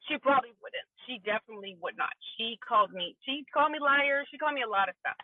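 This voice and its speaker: A woman's voice: fairly high pitch, lively intonation, fast, no echo. Woman guest on a phone call, thin tinny line, tells her story earnestly and acts out what everyone said. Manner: earnest, retelling scenes with quoted dialogue. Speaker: podcast guest. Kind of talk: personal storytelling.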